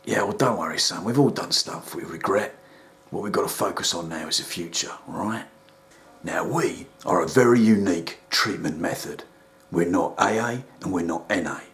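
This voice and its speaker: A man voicing a gruff middle-aged London rehab counselor who talks down in a deadpan, patronizing way. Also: moderate pace. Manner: low, deadpan and patronizing, calls everyone son. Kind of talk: sketch comedy voice acting.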